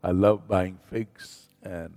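Male pastor, slow emphatic sermon, call-and-response, echoing hall, faint music behind. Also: sits low, steady tone, dark tone. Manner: preaching with call-and-response to the congregation; slow, emphatic delivery with rising volume on scripture. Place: church sanctuary.

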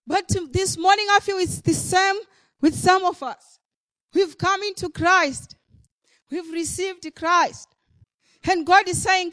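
A woman's voice: very high-pitched, normal speed. A woman preacher delivering a sermon at a church service, emphatic, with many repeated phrases and a rising and falling delivery.

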